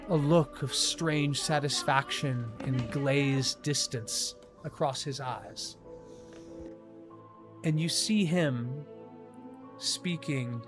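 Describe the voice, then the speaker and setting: With a medium-pitched voice, a man runs a tabletop horror game as game master, taking his time describing scenes and leaning on lots of filler words.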